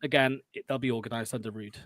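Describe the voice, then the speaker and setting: A man's voice: medium pitch, steady tone, fast talker, fairly bright tone, no room sound. A man co-hosting a fan podcast, confident and chatty, with frequent fillers. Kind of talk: casual football fan chat.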